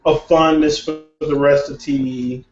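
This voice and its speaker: A man's voice: a little high, completely flat delivery, moderate pace, muffled recording. Blunt, opinionated man in an echoey room. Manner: opinionated, blunt, swears, laughs often. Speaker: podcast host. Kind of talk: casual hip hop podcast chat.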